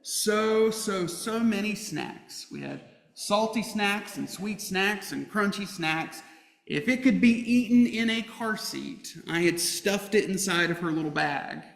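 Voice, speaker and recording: A man delivers a sermon as pastor, weaving a humorous personal story into his message. He speaks slowly, with deliberate pauses. The sound carries a long, roomy church reverb. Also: high-pitched, vocal fry. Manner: storytelling with humor, lively emphasis. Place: church sanctuary.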